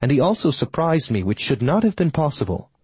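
A man's voice: on the high side, big pitch swings, fairly quick, a little mellow, husky, no echo, voice pushed up, full character voice. A man voicing a cool, imperious female faerie huntress who speaks formally and detachedly, for an audiobook. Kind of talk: audiobook character voice.

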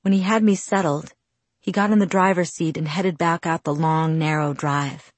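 Low-voiced woman reading a novel. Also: fairly even intonation, normal speed, no echo. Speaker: audiobook narrator. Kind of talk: first-person novel reading.

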